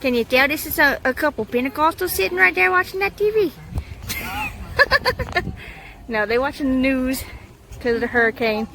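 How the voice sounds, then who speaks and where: A high-voiced woman talks casually into her phone camera, chatty and quick to laugh. Voices of a crowd murmur behind her throughout. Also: expressive. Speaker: vlogger. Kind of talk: casual vlog narration. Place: family house at night, evacuated. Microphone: handheld phone camera.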